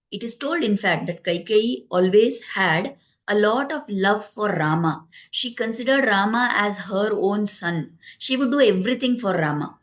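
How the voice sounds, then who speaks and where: A woman giving a devotional discourse, explaining the story with frequent "you know" asides. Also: fairly high pitch. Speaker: religious storyteller.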